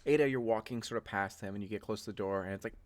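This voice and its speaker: A man's voice: lowish voice, rapid-fire. A rambling male game master narrating. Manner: loose, rambling narration full of fillers. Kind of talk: narrating a tabletop role-playing game. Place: home streaming setup.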